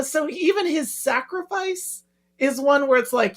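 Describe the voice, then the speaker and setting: A podcast co-host in casual discussion, chatty and quick to quote lines in passing. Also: sits high, animated.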